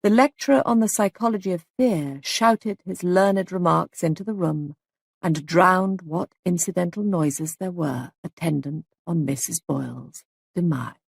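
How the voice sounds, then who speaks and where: A woman narrating a mystery story as an audiobook reading, in a measured, even manner. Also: fairly low pitch, creaky, husky, dry recording, studio quality.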